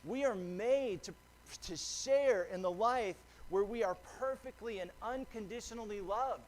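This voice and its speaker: High-voiced earnest male pastor. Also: measured pace. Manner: earnest, conversational preaching with restarts. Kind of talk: sermon. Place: church sanctuary.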